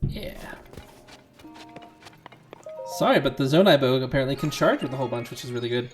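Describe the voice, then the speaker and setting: A streamer talking through a playthrough in a loose, rambling way, tossing in self-deprecating asides. The voice sits at a middling pitch, with faint game music under the talk. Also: animated, a little fast. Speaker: gaming streamer. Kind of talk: casual let's-play commentary.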